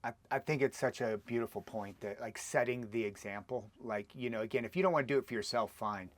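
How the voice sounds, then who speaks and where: A man's voice: mid-range voice, fast talker, no echo. A man hosting a podcast, talking reflectively and thinking aloud as he responds to his guest. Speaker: podcast host. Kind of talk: conversational interview.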